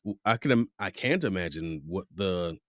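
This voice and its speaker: A man hosting a podcast in a relaxed, conversational way, reacting with short interjections. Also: deep voice, normal speed, no echo, studio quality. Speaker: podcast host.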